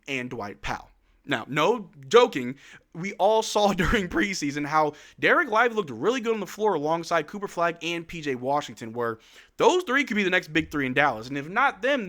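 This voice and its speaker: A man hosting a sports news channel, giving casual, excitable fan commentary on his team's latest reports. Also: on the high side.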